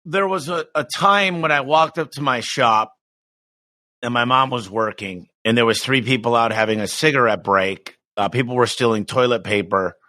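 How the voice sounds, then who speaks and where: A middle-aged American business owner speaks as a guest on a casual podcast interview, his mid-range voice bright and forceful. He's energetic and emphatic, restarting sentences quickly and acting out quoted voices. The recording is dry and close, with no echo or room sound.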